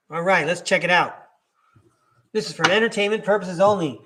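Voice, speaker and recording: A man's voice: sits high, brisk, long pauses, background noise. A man hosting a live podcast stream, reading tarot cards in a chatty, laughing way and correcting himself as he goes.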